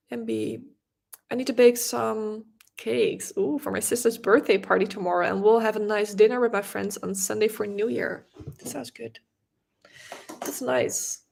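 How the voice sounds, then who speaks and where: A young Dutch woman from the Netherlands hosts a knitting livestream, chatting casually with a Dutch accent and replying to viewer comments. Her voice is on the high side and creaky, with quick restarts and soft laughs.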